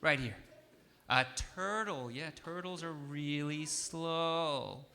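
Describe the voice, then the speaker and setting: A man who is a musician teaching a young audience, lively and encouraging as he coaxes them to answer. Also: a little high, unhurried. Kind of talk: interactive music lesson for kids.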